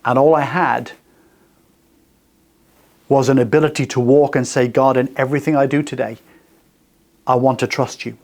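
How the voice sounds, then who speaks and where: A man's voice: medium pitch, fairly even intonation, normal speed, pauses often, darkish tone. A man in his sixties hosting a radio faith talk, earnest and personal, speaking in short repeated phrases. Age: 60s. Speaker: radio host. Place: radio studio.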